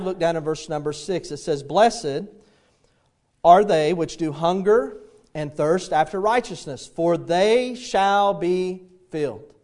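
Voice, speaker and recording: A middle-aged man preaching a sermon, telling homely stories and acting out the voices in them. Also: sits high. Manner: folksy storytelling, acts out quoted voices. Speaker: pastor.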